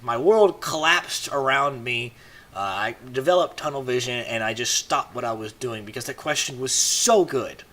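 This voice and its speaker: Guy vlogging, bright voice, rambles on with lots of you know's. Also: medium pitch. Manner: rambling, many "you know" fillers and restarts. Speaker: commentary vlogger. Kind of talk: casual rambling commentary.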